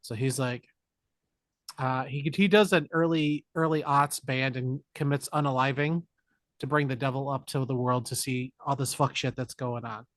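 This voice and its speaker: Animated man recapping a movie. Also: mid-range voice, moderate pace, dry recording, studio quality. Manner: animated, jokey retelling with put-on character lines. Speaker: podcast co-host. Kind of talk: casual movie recap chat.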